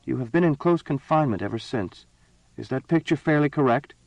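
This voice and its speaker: A man voicing a proud, impatient young empress in an audiobook reading, speaking higher and more commandingly than his own voice. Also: expressive, brisk, gravelly, darkish tone, no echo, dull audio. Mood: imperious. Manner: raised pitch, commanding and cutting.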